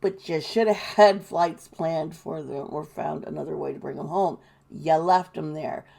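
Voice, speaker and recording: Slow-talking indignant woman commentator. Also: deep voice, gravelly, warm tone. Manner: indignant, swears when angry, mocking quotes. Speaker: tarot reader and commentator. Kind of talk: casual commentary.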